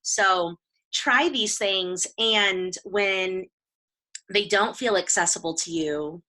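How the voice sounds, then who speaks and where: Bright-voiced woman, encouraging counselor. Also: mid-range voice, slow, rough recording. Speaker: host and counselor. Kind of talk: casual interview chat.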